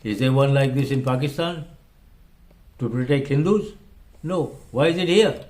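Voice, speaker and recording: An older man speaks at a medium pitch. He hosts a commentary show and talks in an emphatic, impassioned way. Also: moderate pace, darkish tone. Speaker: host. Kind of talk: opinion commentary monologue.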